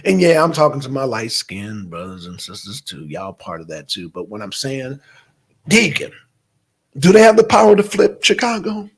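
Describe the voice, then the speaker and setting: A man's voice: medium pitch, normal speed, breathy edge. A man hosting a live stream, chatting casually with viewers, reading out chat names and firing off questions. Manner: animated, bursts into shouted questions, mutters to himself.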